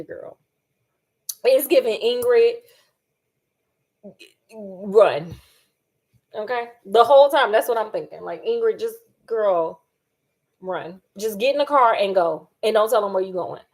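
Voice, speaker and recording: Woman vlogger, high voice, animated and sassy, casual kitchen chat. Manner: animated and sassy, acts out quotes. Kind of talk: casual chat while cooking.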